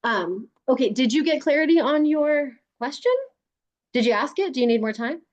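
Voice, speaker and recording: A woman's voice: high-pitched, expressive, moderate pace, muffled recording. A woman leading a group through a guided body exercise on a video call, coaching them and often laughing. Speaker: workshop leader.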